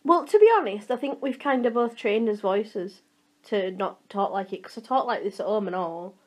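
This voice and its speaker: A young woman with a Yorkshire accent, co-hosting a podcast in casual chat, teasing and talkative and quick to cut in. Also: mid-range voice. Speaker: podcast co-host.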